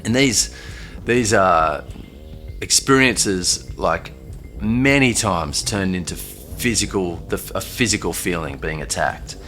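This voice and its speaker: A young man telling a personal story in a loose, halting way, full of fillers and restarts. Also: sits low, animated, a bit bright. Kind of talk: casual first-person storytelling. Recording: faint music underneath.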